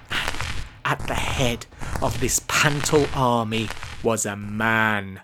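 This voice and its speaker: A woman giving scripted narration of a comic children's story, expressive with deadpan asides. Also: rumbling low, slow pace, noisy background. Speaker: audiobook narrator.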